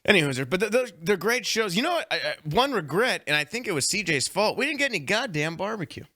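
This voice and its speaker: Comedy podcast co-host, man, bright animated storyteller, close dry studio mic. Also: high-pitched, quick pace, no room sound. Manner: profane, excitable, laughing storyteller. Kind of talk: casual banter, storytelling. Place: small recording studio. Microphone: studio microphone.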